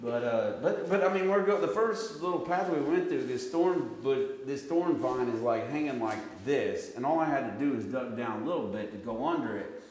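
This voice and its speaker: A man's voice: medium pitch, moderate pace. Guy telling a story to a group, lots of restarts, big echoey room, long reverb. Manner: animated storytelling, often restarts sentences. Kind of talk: casual group discussion.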